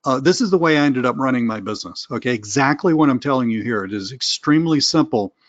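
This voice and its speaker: A middle-aged man with a Southern US accent coaches on a webinar as an online business coach, chatty and rambling, self-deprecating, and cursing now and then. His mid-range voice is animated and quick, recorded with no echo but a lo-fi sound.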